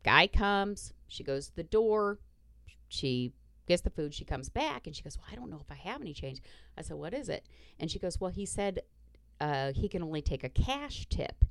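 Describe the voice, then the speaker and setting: A woman's voice: lowish voice, sing-song, normal speed, no echo. A woman podcast host casually retelling a story, blunt and profane, acting out the dialogue.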